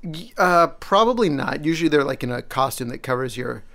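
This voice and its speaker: A man from Mexico with a gravelly, fry-laden voice, playing the straight man in a comedy bit. He answers his partner's nonsense with dry, flat, exasperated replies. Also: fairly high pitch, fairly quick. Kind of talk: improvised comedy banter.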